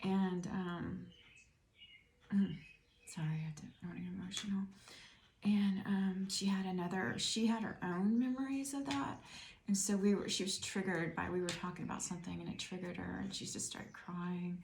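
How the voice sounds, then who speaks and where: Gravelly-voiced middle-aged woman reading tarot. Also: fairly low pitch, fairly even intonation, normal speed, a little mellow, slight background noise. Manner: musing, rambling, talks to the viewer. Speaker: tarot reader. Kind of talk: casual spoken tarot reading. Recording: roomy echo.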